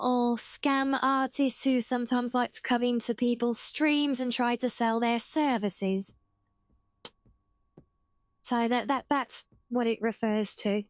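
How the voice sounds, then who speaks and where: A woman's voice: high-pitched, smooth, no room sound. A British woman streaming a game live, chatting casually, often correcting herself mid-sentence and answering her chat. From Britain (half English, half Welsh).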